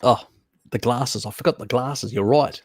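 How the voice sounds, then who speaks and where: This live-stream host has a medium-pitched, husky, slightly mellow voice and speaks at a moderate pace with no room sound. Chatty and quick to laugh, he reads comments aloud and calls his viewers mate as he talks with them casually.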